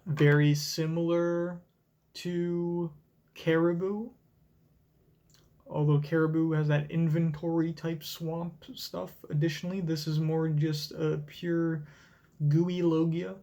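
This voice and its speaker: Excitable young man reacting live. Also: on the high side, takes it slowly. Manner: excitable, profane, thinking aloud. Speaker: reaction streamer. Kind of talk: live manga reading reaction.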